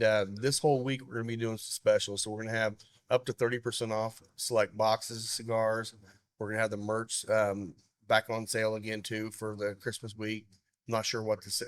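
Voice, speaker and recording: A man's voice: lowish voice, level tone, brisk, no echo, clean studio sound. A man co-hosting a casual podcast, easygoing and loose, restarting his sentences. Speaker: podcast co-host. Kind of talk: casual chat.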